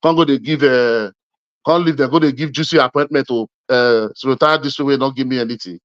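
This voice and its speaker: A man's voice: mid-range voice, fairly quick, no echo, highs cut off. A man from Edo State speaking Nigerian Pidgin, arguing politics insistently and repeating his points, calling the listener "my brother". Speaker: interviewee. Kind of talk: heated political argument.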